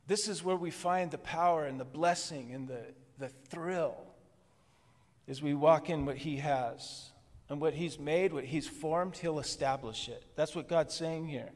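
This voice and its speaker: A man preaching to his congregation in a relaxed, conversational way, breaking into soft laughs now and then. His voice sits a little high. Long reverb from the church hall trails behind his words. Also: a little slow. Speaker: pastor. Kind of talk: sermon. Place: church worship service.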